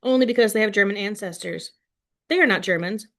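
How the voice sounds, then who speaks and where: A woman teacher reading a novel aloud to her class in an expressive way, then setting questions for the class. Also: mid-range voice, a little fast. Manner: expressive read-aloud, voicing quoted lines with more force.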